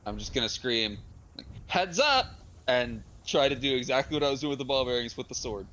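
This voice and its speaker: A man's voice: medium pitch, steady tone, fast, a bit bright, low-quality recording. A man playing in a tabletop game, joking and laughing as he describes his moves. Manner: playful, laughing. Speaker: player.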